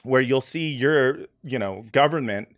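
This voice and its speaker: A man's voice: mid-range voice, unhurried. A man hosting a casual podcast interview over a remote call, talking in a rambling, hesitant way with many fillers and restarts. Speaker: podcast host.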